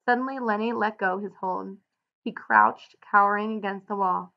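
Woman teacher, read-aloud with clear explanatory annotations, slightly muffled recording. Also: medium pitch, steady tone, normal speed.

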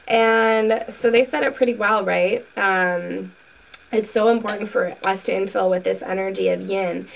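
A woman hosting a spiritual video, reading a book passage aloud slowly and earnestly, then talking casually to her viewers. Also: mid-range voice, vocal fry, distant mic, poor audio. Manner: slow, soft, earnest reading with asides.

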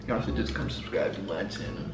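A man's voice: fairly quick, distant mic, over music. Teasing young man, off-mic and roomy. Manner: joking, teasing, laid-back. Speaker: guest, father of her child. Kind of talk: casual teasing banter.

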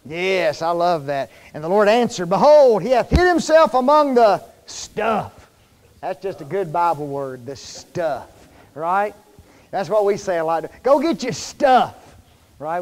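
A man with a high voice preaches a sermon, chatty and folksy, quizzing his congregation as he goes. His voice carries a long reverb from the church hall. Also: lively intonation, normal speed. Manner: conversational, quizzes the congregation with fill-in questions; folksy, informal wording. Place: church sanctuary.

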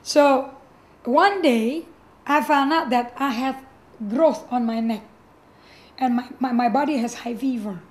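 High-voiced woman giving testimony. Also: measured pace, long pauses. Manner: animated, acts out quoted voices, frequent restarts. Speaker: pastor. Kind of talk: personal testimony storytelling.

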